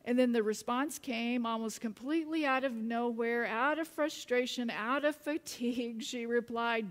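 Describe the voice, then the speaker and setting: A woman pastor preaching a sermon, telling a story in a relaxed way with light chuckles. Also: on the high side, normal speed, few pauses. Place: church. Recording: reverberant church sanctuary.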